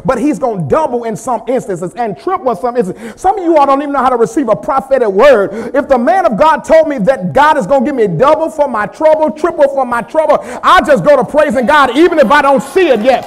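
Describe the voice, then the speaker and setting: High-voiced preaching man, hushed to shouting. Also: expressive, fairly quick, few pauses. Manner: call-and-response preaching, swings from hushed to shouting. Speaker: pastor. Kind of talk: sermon. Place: church sanctuary.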